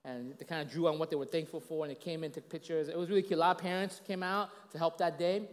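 A pastor in his late thirties gives a casual, conversational sermon, talking fast with fairly even intonation. He tells stories packed with fillers and "you know, right?" asides, acting out quoted voices with big pitch jumps, and the recording carries the long reverb of a large hall.

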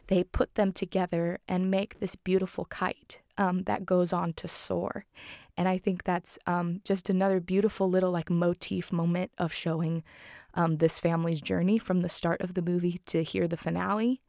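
A woman's voice: lowish voice, level tone, normal speed, vocal fry, mellow, dry recording, studio quality. A woman casually recapping a film, chatty and heartfelt, with lots of filler words.

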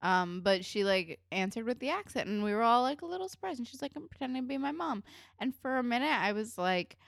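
A woman's voice: fairly high pitch, lively intonation, brisk, creaky, no echo. A woman co-hosting a casual TV recap podcast, talking bluntly and swearing freely in exasperated rants. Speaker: podcast co-host.

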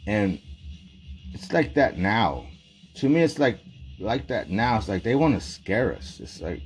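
A man's voice: lowish voice, big pitch swings, measured pace, soft background music. A man delivering a rambling, profane, agitated monologue in casual talk.

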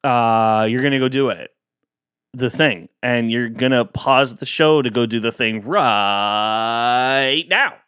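A man's voice: medium pitch, takes it slowly, fairly bright tone, clear, resonant tone, no room sound, studio quality. A man hosting a casual solo podcast, chatting playfully and acting out both sides of imagined exchanges.

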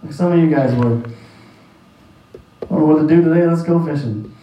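A man's voice: on the high side, normal speed, mellow, dull audio, slight background noise. A male pastor delivering a sermon, emphatic and repetitive in his preaching. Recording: echoey room, distant mic.

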